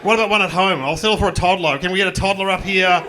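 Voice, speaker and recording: A man's voice: high voice, fast talker, bright, forceful tone. A middle-aged man with an Australian accent doing a self-mocking, chatty stand-up comedy set on a club stage. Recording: live club recording with audience noise.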